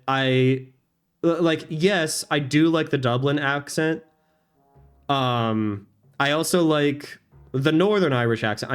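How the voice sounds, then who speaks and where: A man's voice: medium pitch, clean tone. A man streaming a video game, chatting casually and enthusiastically, with lots of fillers and restarts. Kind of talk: casual chat while gaming.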